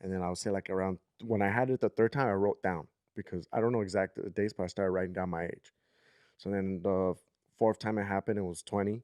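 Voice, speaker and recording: A man in his thirties tells a long story on a podcast, rambling and checking in with his listener. His voice sits on the low side. The recording is dry and close. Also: steady tone, fairly quick, a little mellow, no room sound. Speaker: podcast co-host. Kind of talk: casual storytelling chat.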